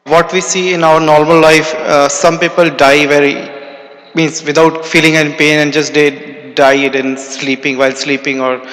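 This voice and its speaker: Audience member asking a question, halting and groping for words, echoey hall. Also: male voice, on the high side, flat delivery, fairly bright tone.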